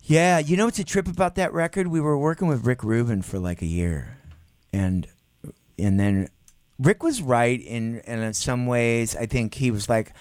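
A man's voice: mid-range voice, moderate pace, no echo, clean studio sound. A middle-aged man, a musician guest, telling stories in a casual interview and acting out quotes with laughs. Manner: animated, acts out quotes with laughs.

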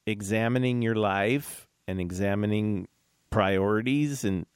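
A male host with a fairly low voice asks gentle, reflective questions. His sound is dry and close. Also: measured pace, clear, resonant tone, dry recording. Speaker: interview host. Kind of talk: conversational interview.

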